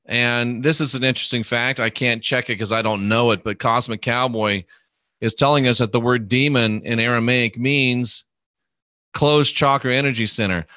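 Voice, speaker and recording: A man hosts a live podcast, answering viewer questions in an easygoing, conversational manner. His voice is bright and forward. The recording is dry, with no room sound around it. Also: medium pitch, steady tone, no echo. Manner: unhurried, conversational, answers viewer questions aloud, drifting quiet at phrase ends. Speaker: podcast host reading live comments. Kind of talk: casual live podcast chat.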